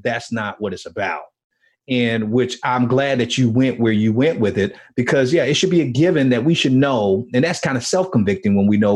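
A man hosts a faith podcast interview in a friendly, conversational voice. He sets up questions loosely and fills pauses with casual fillers as he goes. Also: mid-range voice. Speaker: podcast host.

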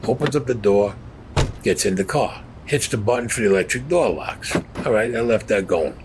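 A man's voice: on the low side, animated, moderate pace, slight background noise. An older man telling a crime story in a blunt, profane, matter-of-fact way.

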